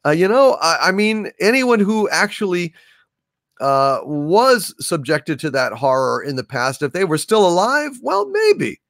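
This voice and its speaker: A man's voice: fairly high pitch, a bit bright, no room sound, studio quality. An older man hosting a livestream, reading super chats aloud with grand, theatrical proclamations. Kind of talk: casual livestream chat.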